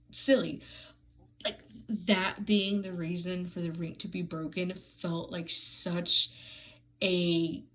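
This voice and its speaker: In this poor-quality recording, a woman with a lowish voice gives a casual, sarcastic book review. She rants in an exasperated way, restarting often and leaning heavily on "like."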